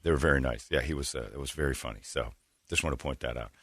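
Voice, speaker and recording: A man's voice: extremely low pitch, quick pace, fairly bright tone, no echo, studio quality. A middle-aged man hosting a morning radio show, rambling through stories with crude jokes. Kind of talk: casual morning radio banter.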